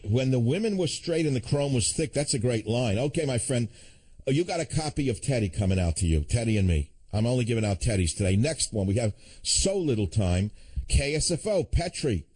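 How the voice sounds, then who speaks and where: A man's voice: mid-range voice, very animated, fairly quick, dark tone, breathy edge. A man hosting a call-in radio show, talking in a combative, sardonic way with chuckling asides. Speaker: radio talk show host.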